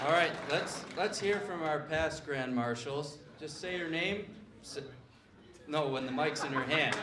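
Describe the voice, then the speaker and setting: A man's voice: on the high side, measured pace, distant mic. A man emceeing a reception, joking with guests and directing them as he hands around the microphone. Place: reception hall. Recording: echoey hall, loud crowd and noise.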